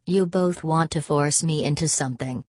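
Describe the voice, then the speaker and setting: A woman's voice: low-pitched, moderate pace, darkish tone, no echo, clean studio sound. A woman voicing a sullen, defiant young woman in an audiobook.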